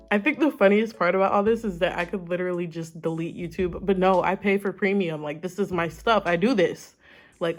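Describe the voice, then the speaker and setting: Woman, YouTube commentator, casual reaction talk, dramatic, medium pitch, faint music behind. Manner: chatty and dramatic, laughs often.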